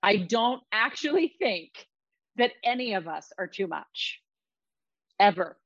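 A woman's voice: medium pitch, animated, slow, no room sound, highs cut off. A middle-aged woman speaking emphatically and reflectively in a casual podcast conversation, often repeating her words.

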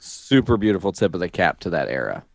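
Male co-host, low voice, eager opinions, dry close mic. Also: big pitch swings, a little fast, vocal fry, no echo. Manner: enthusiastic, opinionated. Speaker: podcast co-host. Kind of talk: casual chat.

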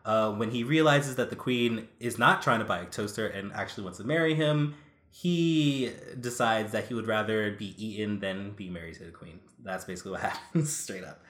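A man's voice: on the low side, moderate pace, fairly bright tone. Man, casual podcast co-host, rambling, lots of fillers, echoey room. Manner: rambling, many fillers and restarts. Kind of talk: casual chat reviewing old cartoons.

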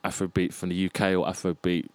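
A man, a freelance arts producer, talking in a relaxed, reflective way as a guest in a casual conversation. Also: deep voice, fast, smooth, no echo. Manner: reflective, restarts and lists ideas, animated about music.

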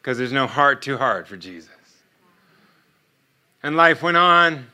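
A man's voice: medium pitch, expressive, measured pace, pushed and bright, smooth. A middle-aged man giving a sermon as a guest speaker, telling a story with quoted dialogue and frequent laughter.

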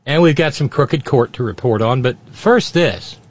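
A man's voice: medium pitch, expressive, moderate pace, husky, no room sound. A man hosting a sarcastic political commentary show, with mocking asides. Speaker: host. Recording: dry, dull lo-fi sound.

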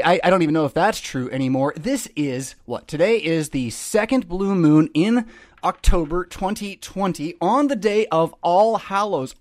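High-voiced male host, rambling preacher with sarcastic asides, dry close sound. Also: no room sound. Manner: rambling, emphatic, repeats words. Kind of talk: casual preaching monologue.

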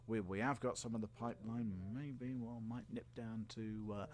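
A man's voice: fairly low pitch, fairly even intonation, normal speed, a little hiss or hum. Rambling, jokey male podcast host. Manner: rambling, jokey, self-correcting. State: a bit tired. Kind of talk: casual podcast outro chat.

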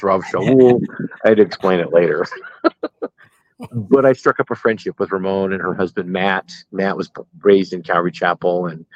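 Lively middle-aged pastor telling stories. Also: male voice, low voice, no room sound, muffled recording. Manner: animated storyteller, laughs at own jokes. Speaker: pastor, interview guest. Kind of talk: casual storytelling interview.

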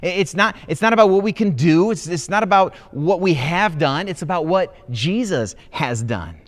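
A man preaching a sermon as pastor, telling stories with rising excitement. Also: sits high, normal speed. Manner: animated storytelling with rising excitement. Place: church auditorium.

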